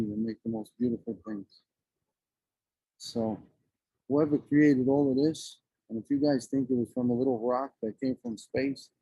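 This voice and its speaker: A man's voice: medium pitch, vocal fry, warm tone, breathy edge, no room sound, poor audio. A man in his forties, a guest talking outdoors with blunt, profane passion. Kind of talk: emotional casual conversation. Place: outdoors among trees and birds.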